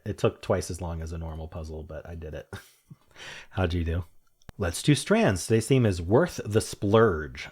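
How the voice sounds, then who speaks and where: Low, husky-voiced man thinking aloud. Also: darkish tone. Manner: musing aloud, self-amused, chuckles at own jokes. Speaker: puzzle game streamer. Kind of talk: casual solo commentary while solving puzzles.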